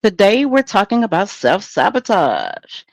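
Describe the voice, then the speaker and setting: A woman's voice: medium pitch, sing-song, measured pace, darkish tone, dry recording. A woman hosting a solo podcast in a candid, conversational, preachy way. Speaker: podcast host.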